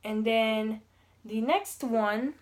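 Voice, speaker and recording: A woman giving a casual homemade language lesson, pausing often and slowly repeating sounds for practice. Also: fairly high pitch. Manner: halting, many restarts and fillers. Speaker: language teacher.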